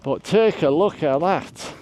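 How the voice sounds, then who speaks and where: A man's voice: a little high, expressive, unhurried, darkish tone, slight background noise. An older man vlogging while out hiking on open moorland, chatting away to his viewers in a rambling, self-deprecating way. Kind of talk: casual walk-and-talk vlog. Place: outdoors on open moorland, windy hilltop.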